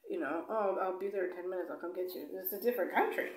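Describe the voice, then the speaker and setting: Talking fast in a fairly low voice, a woman vlogger recounts a trip in an echoey room. Her style is blunt and casual, with free swearing and plenty of "like" and "you know," and she performs the dialogue while retelling events.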